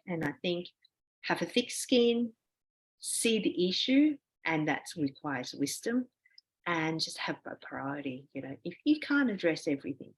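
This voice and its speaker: A woman's voice: lowish voice, breathy edge. Woman professor giving thoughtful advice. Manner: reflective, advisory, frequent "you know". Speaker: physics professor, podcast guest. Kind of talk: conversational interview answers.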